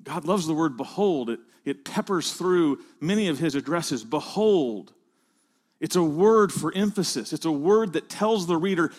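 A man preaching a sermon to fellow pastors, rising to loud emphatic peaks and dropping to hushed phrases. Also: fairly high pitch, animated, moderate pace.

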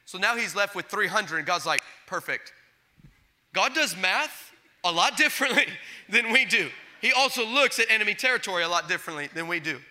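A man delivers a sermon with a raised, very bright and cutting tone. He swings from loud declarations to hushed asides, acting out quotes and stumbling into quick restarts as he tells his story. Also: sits high, lively intonation. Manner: impassioned preaching that swings between loud and hushed. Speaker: pastor.

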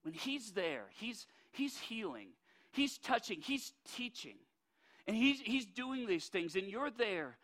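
A man from North Dakota, preaching a sermon in a folksy, animated way with many restarts. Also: sits high, slow pace.

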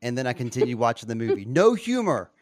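Man, casual quiz host, lively pitch, dry close sound, playful. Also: quick pace, no room sound. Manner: playful, animated, laughs often. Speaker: podcast host quizzing co-hosts. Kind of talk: casual chat.

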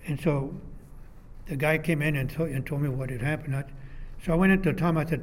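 An older man, a retired architectural designer, being interviewed for an oral history and telling rambling, animated stories from his career. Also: on the high side, fairly quick. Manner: rambling, animated storyteller who acts out quoted dialogue.

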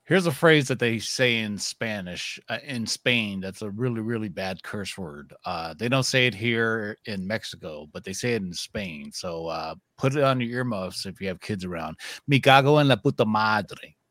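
A man's voice: fairly low pitch, expressive, normal speed, hardly any pauses, a bit bright, no echo. A man co-hosting a live stream, chatting loosely and joking between sponsor reads. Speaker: co-host. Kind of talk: casual live-stream chat.

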